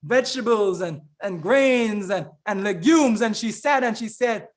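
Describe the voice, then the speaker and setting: Guy with a really high voice preaching about health, keeps calling everyone friends, lots of restarts. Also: expressive, unhurried, few pauses. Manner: fervent, repeatedly addresses listeners as friends; rambling with frequent restarts and fillers. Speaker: health evangelist and remedies trainer. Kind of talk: preaching-style health talk.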